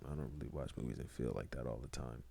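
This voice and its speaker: A man's voice: very deep voice, fast talker, creaky, breathy edge, dry recording. A young man co-hosting a podcast, chatting casually, rambling and joking. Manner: rambling, joking, breaks into loud laughs. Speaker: podcast co-host.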